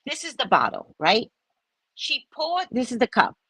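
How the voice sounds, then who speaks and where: Husky-voiced woman, lively storyteller. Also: fairly high pitch, moderate pace, no echo, rough recording. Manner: animated, swears, keeps asking "right?". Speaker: vlogger, spiritual reader. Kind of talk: casual storytelling to viewers.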